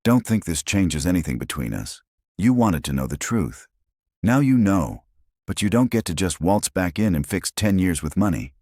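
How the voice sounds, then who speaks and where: A man's voice: low-pitched, lively intonation, moderate pace, darkish tone, no room sound, clean studio sound, voice pushed up. A man voicing a desperate, heartbroken young mother who cries out in anguish, in a storytelling narration. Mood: guarded. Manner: tearful, raises her voice in anguish.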